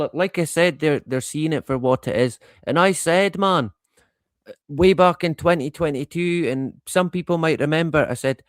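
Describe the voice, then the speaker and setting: Slow, rambling man on a live stream. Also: medium pitch, smooth, no echo. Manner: rambling, swears freely, chuckles often. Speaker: livestream host. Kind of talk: casual live-stream chat.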